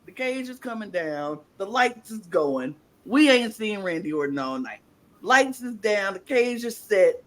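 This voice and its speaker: Animated, colloquial woman storyteller. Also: mid-range voice, a little slow. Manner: animated storyteller, acts out quotes; loose, colloquial phrasing. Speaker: podcast co-host. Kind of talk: casual podcast chat.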